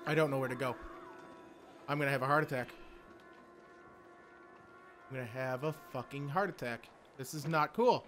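A man's voice: medium pitch, normal speed, long pauses, fairly bright tone, soft background music. A man playing a horror game, panicking, swearing and pleading with the game as he goes. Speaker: let's play gamer.

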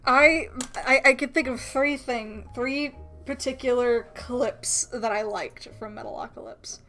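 A woman's voice: a little high, unhurried, bright, forceful tone, soft background music. A woman chatting casually, hesitant and stumbling over her words, with frequent exclamations. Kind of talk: casual chat.

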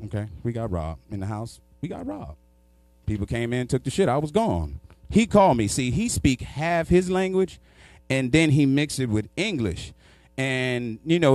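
A man's voice: medium pitch, no room sound. A man from New York doing a stand-up set, telling profane stories and working the crowd. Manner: profane, storytelling, crowd work. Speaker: stand-up comedian.

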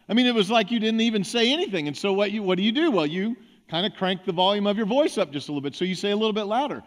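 High-voiced man preaching a sermon. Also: animated, fast talker. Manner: conversational preaching with acted-out examples. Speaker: pastor. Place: church sanctuary.

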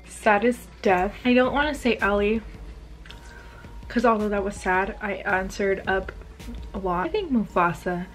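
A woman's voice: mid-range voice, measured pace, soft background music. A young woman vlogging casually while she eats, chatty and gushing, with lots of ums and likes. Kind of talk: casual vlog chat while eating.

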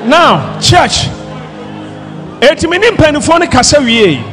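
A man from Ghana, a pastor, preaching a fiery sermon with shouted, impassioned delivery over loud music and a crowd. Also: extremely high pitch, sing-song, a little slow.

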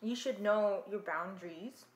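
A young woman casually reacting to an anime, talking back to the screen in an expressive way. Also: medium pitch, unhurried, reverberant, noisy background. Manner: expressive, talks back to the screen, shrieks and laughs.

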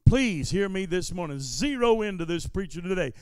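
A man preaches a sermon in a very high, smooth, resonant voice. He moves slowly and deliberately through his lines, repeating phrases as he builds toward shouted declarations. A long church reverb trails behind him. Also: animated, clean studio sound. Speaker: pastor. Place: church sanctuary during a service.

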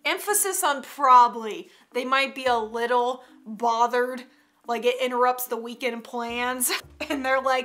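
A woman's voice: high voice, moderate pace, sharp tone. A young woman in her twenties hosting a casual meme reaction vlog, chatty and giggly with a playfully sassy edge. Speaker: YouTube host.

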